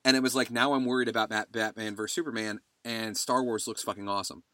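A man's voice: on the low side, steady tone, quick pace, bright, forceful tone, no room sound, clean studio sound. A man hosting a podcast in casual chat, telling stories animatedly and laughing along the way. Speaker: podcast host.

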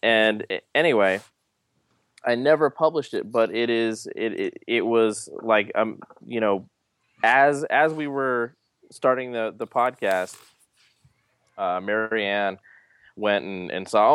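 Smooth low-voiced man, halting chat. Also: a bit bright, no room sound, clean studio sound. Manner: halting, many restarts and fillers. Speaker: podcast co-host. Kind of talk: casual chat.

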